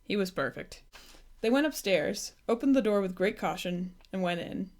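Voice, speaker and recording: A woman reads a children's storybook aloud, gentle and unhurried. Her voice sits at a mid pitch and moves evenly from line to line. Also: animated. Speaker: storybook reader. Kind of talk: reading a children's book aloud.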